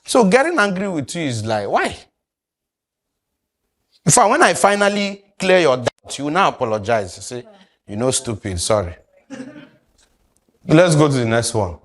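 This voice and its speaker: A man's voice: fairly high pitch, big pitch swings, moderate pace. A man, teaching a sales class and quizzing his audience. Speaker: sales trainer. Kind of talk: classroom lecture.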